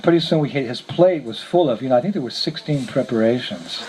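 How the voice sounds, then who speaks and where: A man's voice: mid-range voice, lively intonation, fairly quick, a little mellow. A man, a visiting monk, telling a story to a gathering, chuckling often as he speaks. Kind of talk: storytelling talk. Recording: noisy lecture recording.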